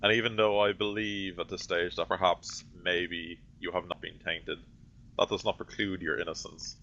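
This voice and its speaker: A cold, severe Inquisitor, played by a man, hands down curt judgments. His voice is deep and gravelly. The recording is dull and lo-fi. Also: level tone, moderate pace, pushed and bright. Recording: dull lo-fi audio.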